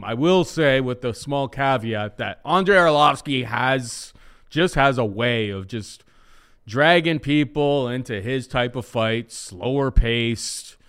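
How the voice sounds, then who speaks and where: A man co-hosting a casual podcast, talking through fight odds in a measured, analytical way with frequent fillers. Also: mid-range voice, a bit bright, clean tone. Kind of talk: casual podcast chat making betting picks.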